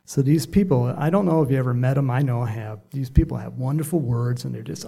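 A man's voice: mid-range voice, fast, vocal fry, few pauses, mellow. A middle-aged man preaching a sermon in a rambling, conversational way with self-deprecating asides. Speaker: pastor.

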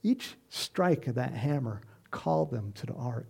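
A middle-aged man preaching an informal sermon, animated and chatty, acting out voices and chuckling as he speaks to the congregation. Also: mid-range voice, measured pace, vocal fry, breathy edge. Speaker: pastor.

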